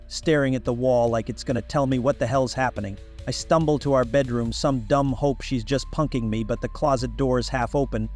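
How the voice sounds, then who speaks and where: A man's voice: mid-range voice, a little mellow. A young man narrating a first-person story in a casual, wry, conversational way.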